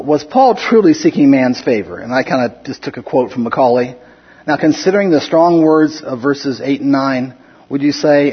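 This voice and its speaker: A man's voice: medium pitch, breathy edge, lo-fi sound. A man teaching a casual Bible study, talking conversationally with frequent restarts and chuckling asides.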